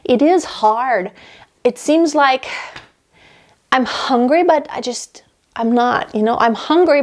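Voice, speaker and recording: Breathless and chatty, a vlogger in her thirties shares a casual pregnancy update from her home workroom, often restarting her sentences. She has a fairly high-pitched voice.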